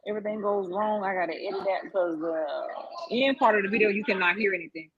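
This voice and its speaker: A woman talking casually in her own vlog clip, rushed and talking between remarks to her kids. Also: mid-range voice, slightly rough, dry recording. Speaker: vlogger. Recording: muffled lo-fi clip with faint noise.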